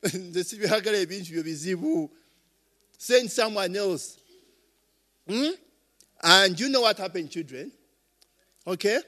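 A man preaching a sermon, quizzing listeners with call-and-response questions and swinging between loud and soft. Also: high-pitched. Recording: long reverb of a hall.

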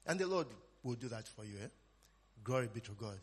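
Male preacher, husky, chatty, peppers his lines with "eh?" and "amen?", long reverb. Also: medium pitch, animated, a little fast. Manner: conversational, frequent "eh?" and "amen?" tags, call-and-response questions. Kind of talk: informal sermon.

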